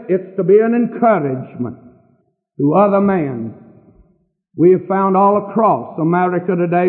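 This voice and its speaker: An older man preaching a sermon from a church pulpit with earnest, emphatic pauses. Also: high voice. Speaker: pastor. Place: church sanctuary. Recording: distant hall on a tinny lo-fi recording.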